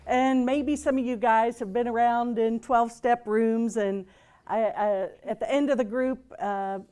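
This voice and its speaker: A woman's voice: fairly high pitch, steady tone, a little slow, warm tone, clean tone. A woman reverend giving a casual, humorous talk to a group in a gathering room, chatty and loose, with many fillers and restarts. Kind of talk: casual spoken sermon with humor.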